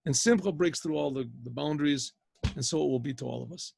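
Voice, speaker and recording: An older man, a rabbi, telling a rambling, animated story over a video call. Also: a little high, fast talker, gravelly, a little hiss or hum.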